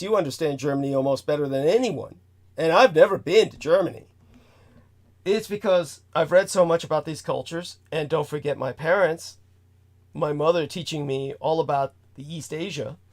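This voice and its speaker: A man hosting a talk show, delivering a rambling, emphatic lecture full of asides. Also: a little high. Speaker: host.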